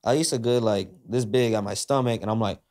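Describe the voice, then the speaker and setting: Man, podcast guest, lowish voice, slangy casual storytelling, acts out dialogue. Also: a little fast. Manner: slangy, animated retelling that acts out quoted dialogue; frequent fillers like "like" and "uh".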